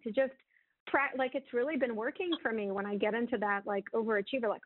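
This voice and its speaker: A woman's voice: on the high side, moderate pace, no room sound. A woman giving advice on a webinar in a chatty way, with many fillers. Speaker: webinar speaker. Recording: tinny phone-like line.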